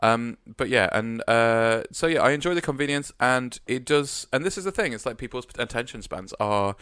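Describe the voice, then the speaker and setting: A man's voice: mid-range voice, animated, normal speed, a bit bright, clear, resonant tone, dry recording. A man co-hosting a podcast in a radio studio, rambling casually with lots of hesitant fillers. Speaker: podcast co-host. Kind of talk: casual chat.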